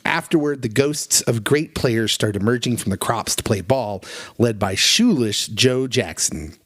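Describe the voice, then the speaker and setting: A man co-hosting a podcast in casual chat, retelling movie scenes with animated, emotional delivery. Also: medium pitch, measured pace, no echo, clean studio sound. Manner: animated, emotional, acts out quotes in raised voice. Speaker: podcast co-host.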